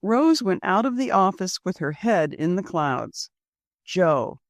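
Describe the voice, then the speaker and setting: Expressive woman reading an audiobook. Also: lowish voice, slow, no room sound. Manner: expressive storytelling. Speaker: audiobook narrator. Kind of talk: scripted narration.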